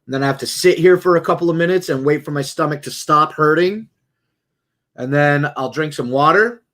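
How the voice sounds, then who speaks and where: A man's voice: on the high side, brisk, fairly bright tone. A man hosting a casual livestream at home, joking and swearing loosely. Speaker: livestream host.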